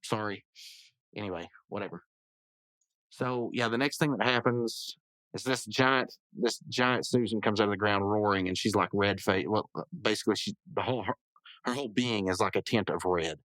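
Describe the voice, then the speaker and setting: A man's voice: on the low side, normal speed, a bit bright, no room sound, rough recording. A man hosting a podcast, casually recapping a cartoon episode in a rambling way and often correcting himself. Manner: rambling, self-correcting, full of hedges and asides. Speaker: podcast host.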